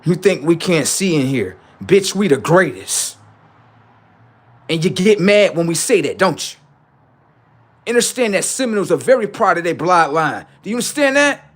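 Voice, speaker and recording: Man on a livestream, profane rant, taunting and heated, slightly higher voice with big swings in pitch. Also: sing-song, moderate pace. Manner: heated, taunting, swings between loud jeers and low asides. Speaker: livestream host.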